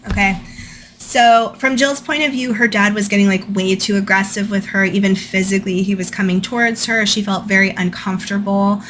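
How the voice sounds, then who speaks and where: A woman's voice: medium pitch, steady tone, a little fast, a bit bright, slight background noise. Chatty woman host reading and commenting. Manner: chatty, frequent "like" and "um". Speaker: channel host. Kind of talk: casual storytime commentary, reading from a book.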